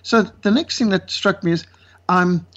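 A man from South Africa with a South African accent, a guest speaker telling lively stories and acting out the voices of the people in them. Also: sits high, moderate pace. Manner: lively, acts out quoted voices. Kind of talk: animated storytelling. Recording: dull lo-fi sound.

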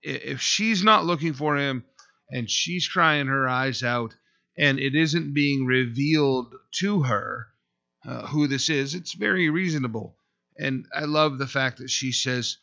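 A man preaching an expository sermon as a pastor, speaking earnestly and conversationally, pausing often as he works through the passage. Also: mid-range voice, creaky, bright, forceful tone, lo-fi sound.

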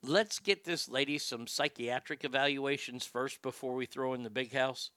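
A man hosting a comedy show, riffing through news commentary in a profane, animated way. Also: mid-range voice, normal speed, clear, resonant tone, dry recording, clean studio sound.

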